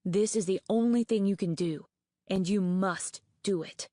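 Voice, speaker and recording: A woman's voice: medium pitch, unhurried, dark tone, dry recording, clean studio sound, close to an everyday voice. A woman voicing a clever, nervous young male dragon who talks in a careful, reasoning way. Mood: resolute.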